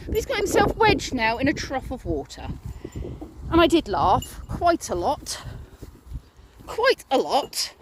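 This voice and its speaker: A woman's voice: high voice, noisy background. Chatty woman vlogging her garden chores. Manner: chatty, rambling storyteller narrating her chores. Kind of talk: casual vlog chat. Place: outdoors in a garden with animals.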